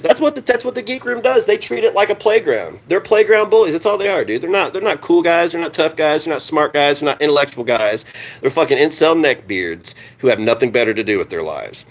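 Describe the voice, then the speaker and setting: A man ranting on a live stream, heated and sarcastic, swearing constantly and answering his chat. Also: mid-range voice. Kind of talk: profane live-stream rant.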